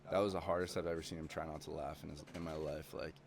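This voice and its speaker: Young man, deep voice, rambling, swears constantly, faint background noise. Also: steady tone, quick pace. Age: young adult. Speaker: podcast guest. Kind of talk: casual chat.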